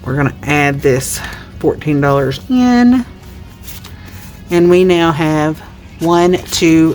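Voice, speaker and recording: A woman's voice: sits low, darkish tone. A woman in her thirties from Tennessee with a Southern accent, chatting casually to viewers while counting cash for savings challenges. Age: 30s. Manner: chatty, counts money aloud. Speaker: budgeting YouTuber.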